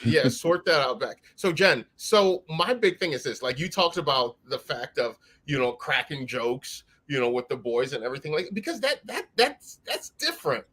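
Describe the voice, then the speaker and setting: A man hosting a podcast, asking a guest rambling, halting questions full of fillers. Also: mid-range voice, expressive, fairly bright tone. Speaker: podcast host. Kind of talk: casual interview questions.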